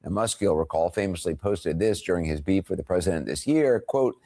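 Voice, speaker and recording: A male anchor with a very low voice reads the news in a steady, formal cadence. His delivery is measured and scripted, each sentence cleanly paced for broadcast.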